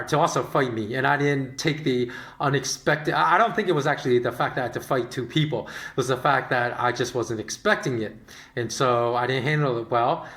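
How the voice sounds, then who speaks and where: Man hosting a podcast, casual anecdotes, animated, roomy echo. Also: mid-range voice. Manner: animated, rambling, with frequent fillers. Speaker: podcast host. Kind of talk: casual storytelling monologue.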